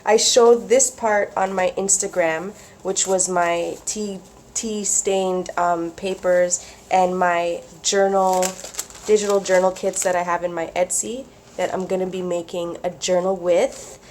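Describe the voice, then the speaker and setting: A woman vlogging about craft mail, gushing and excitable, with gasps, whispers and squeals. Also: lowish voice, a little slow, slight background noise. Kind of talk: casual chat to camera.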